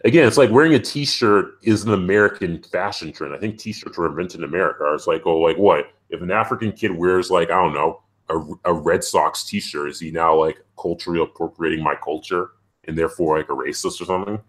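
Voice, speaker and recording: Low-voiced ranting man on a call. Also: brisk. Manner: animated, ranting, frequent "it's like". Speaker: podcast host. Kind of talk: casual opinionated chat.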